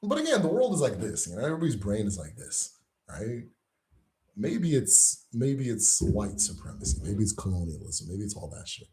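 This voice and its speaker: A man's voice: on the low side, wildly swooping pitch, normal speed, warm tone. A man hosting his own channel, ranting casually and mockingly to camera, swearing and laughing often. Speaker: host of a channel on Igbo spirituality. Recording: roomy echo.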